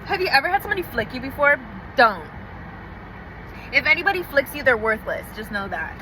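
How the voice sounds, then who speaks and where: A woman's voice: sits high, sing-song, fairly quick, background noise. A young woman telling a personal story in a casual vlog, blunt and heavy on swearing. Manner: blunt, profane and emotional. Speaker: vlogger.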